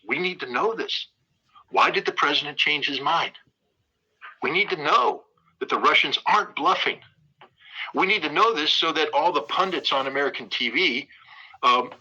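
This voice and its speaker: A low, husky-voiced man drives his monologue with sharp, forceful energy, repeating key lines for emphasis. The sound is dull and lo-fi, like a modest home setup. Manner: emphatic, hammers points by repeating phrases. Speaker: show host and political commentator. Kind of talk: impassioned political commentary monologue.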